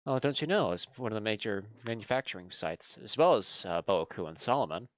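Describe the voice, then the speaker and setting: A man's voice: fairly low pitch, lively intonation, a little fast, fairly bright tone, no echo. A man chatting casually as a tabletop game player, rambling with lots of fillers. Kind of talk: casual in-character chat over voice call.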